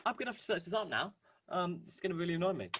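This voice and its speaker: A man's voice: high voice, sing-song, very fast, fairly bright tone, a little hiss or hum. A young man co-hosting a casual podcast, rambling with lots of fillers. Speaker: podcast co-host. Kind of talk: casual chat.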